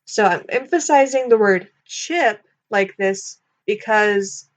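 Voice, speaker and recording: A young woman talks through a book in a loose, conversational way. She leans on filler likes and wanders into nitpicky asides. Her voice sits at an ordinary middle pitch. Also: slow. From United States. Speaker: book reviewer. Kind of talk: casual commentary.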